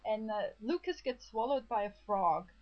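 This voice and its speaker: Woman film chatter, eager and rambling, slightly high voice, muffled lo-fi sound. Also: normal speed. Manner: chatty, excited retelling with restarts. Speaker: film reviewer. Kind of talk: casual chat. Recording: dull lo-fi recording.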